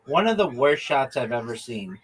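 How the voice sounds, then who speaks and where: With a medium-pitched voice that swings widely in pitch, this streamer talks at normal speed on a low-quality recording. During his casual gaming livestream he trades profane, teasing jabs with teammates and spins chatty stories, performing both sides of quoted exchanges.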